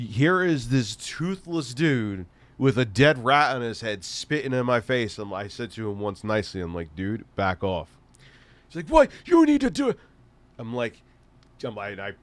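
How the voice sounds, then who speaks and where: A man's voice: mid-range voice, no echo. Foul-mouthed man telling stories on a live stream. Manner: profane, animated storytelling with laughs. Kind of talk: casual live-stream storytelling and chat.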